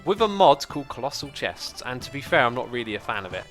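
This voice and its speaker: A man hosting a casual gameplay livestream, chatting, thinking out loud and answering viewer comments. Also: mid-range voice, very animated, fast, faint music behind. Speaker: livestream host.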